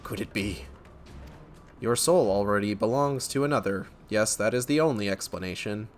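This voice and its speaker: A man's voice: normal speed, soft background music, close to an everyday voice. Man putting on Ifrit, a wrathful fire god. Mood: menacing. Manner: booming archaic proclamations. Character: towering fire god, wrathful, archaic speech.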